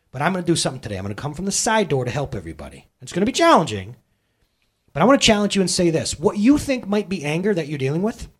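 A man's voice: fairly high pitch, slightly rough. A man in his thirties preaching a sermon in a conversational, emphatic way, often asking the audience rhetorical questions. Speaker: pastor.

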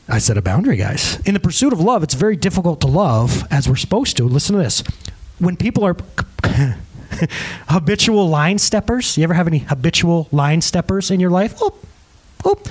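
A man's voice: high voice, brisk, husky. A middle-aged man preaching a sermon to a congregation, joking and acting out the people in his stories. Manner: animated, joking, acts out quotes. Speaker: pastor. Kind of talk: sermon with storytelling.

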